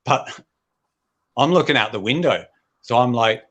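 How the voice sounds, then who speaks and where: A man doing a deadpan stand-up set online, often clearing his throat. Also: medium pitch, unhurried, pauses often. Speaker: stand-up comedian.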